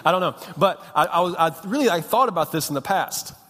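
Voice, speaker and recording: Animated young pastor in a reverberant hall. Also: male voice, high-pitched, quick pace. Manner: animated storytelling, self-mocking and punchy. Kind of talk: sermon.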